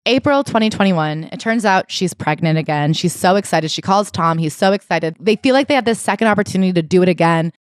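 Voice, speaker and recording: A woman co-hosting a comedic podcast, retelling a memoir and acting out the quoted lines in animated voices. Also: on the low side, fairly quick, hardly any pauses, no echo. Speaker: podcast co-host. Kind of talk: comedic book recap chat.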